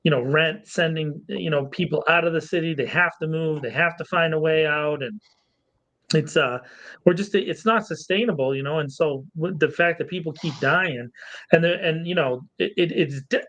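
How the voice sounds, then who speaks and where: A man's voice: fairly high pitch, normal speed, fairly bright tone, rough recording. A man co-hosting a local podcast, chatting in a loose, friendly way, laughing often and repeating words. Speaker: podcast co-host. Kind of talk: casual podcast chat.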